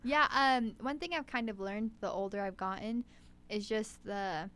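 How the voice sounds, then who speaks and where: A young woman co-hosting a casual chat, bubbly and animated, acting out little quoted voices as she talks. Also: medium pitch, normal speed. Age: young adult.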